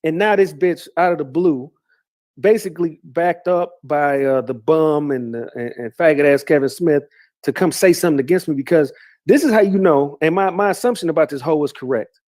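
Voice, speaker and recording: High-voiced man in a profane rant. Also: normal speed, darkish tone. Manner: heated, profane, repetitive insults. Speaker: YouTuber. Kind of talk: angry rant.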